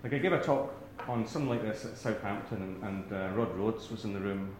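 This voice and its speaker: A man's voice: fairly low pitch, brisk, a little mellow, echoey room, slight background noise, low-quality recording. A man with a Scottish accent giving a talk to a live audience in a rambling, self-deprecating way, full of restarts. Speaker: academic speaker.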